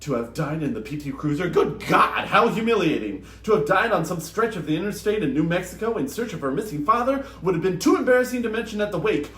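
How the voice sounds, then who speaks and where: Man, book reader, lively dramatic narration, high voice, roomy echo. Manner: animated, acts out dialogue with shouts. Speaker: booktube host reading from novels. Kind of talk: expressive book reading and review.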